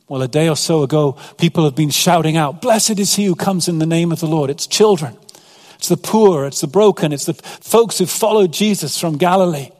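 Man, pastor, earnest sermon, scripture reading, fairly high voice, long hall reverb. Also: a little mellow.

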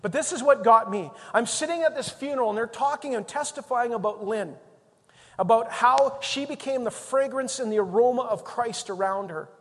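A man preaching a sermon as the pastor, telling a story in an animated way that swings between loud and soft. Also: very high voice, normal speed, in a large hall.

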